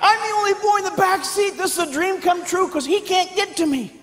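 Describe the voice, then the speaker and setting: A man performing stand-up comedy on stage, telling animated stories and acting out family members in loud, barked voices. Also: very high voice, fairly quick. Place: large hall with live audience. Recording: echoey hall with faint background noise.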